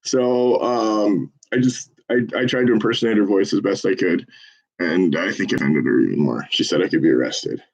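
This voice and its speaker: A man volunteering as a phone banker, chatting casually and swearing between calls, then switching to an upbeat salesman's pitch on the phone. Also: moderate pace, gravelly, breathy edge, low-quality recording. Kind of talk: casual livestream chat with live phone calls.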